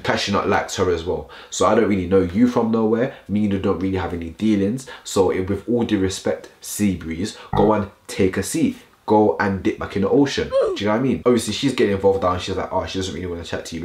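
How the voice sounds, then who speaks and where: This young vlogger has a very deep, darkish-toned voice and rushes through a slang-heavy storytime with frequent asides to viewers. A clear echo fills the room.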